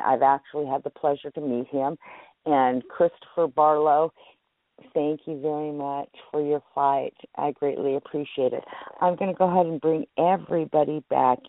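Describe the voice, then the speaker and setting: A woman's voice: sits low, steady tone, normal speed, no echo. A woman hosting a casual radio talk show, chatty and rambling, laughing as she talks. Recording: phone-like radio audio.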